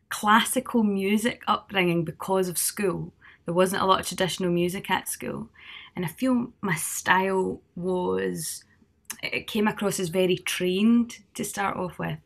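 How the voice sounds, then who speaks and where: A woman's voice: mid-range voice, creaky, fairly bright tone. A woman with a Scottish accent, a singer, talking in a chatty, rambling way with many fillers. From Scotland. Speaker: singer guest. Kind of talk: casual conversation.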